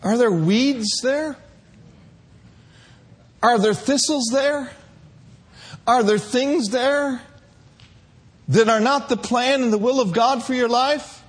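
A man from Minneapolis preaching a sermon, playful and animated, sometimes rising to shouts. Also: very high voice, slow pace, pauses often, slightly rough. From Minneapolis, USA.

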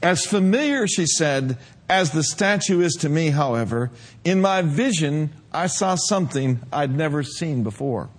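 Pastor, male, fairly high voice, preaching style that builds to shouting. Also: expressive, a little slow. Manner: preacher reading a vision aloud, building to shouts. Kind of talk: sermon.

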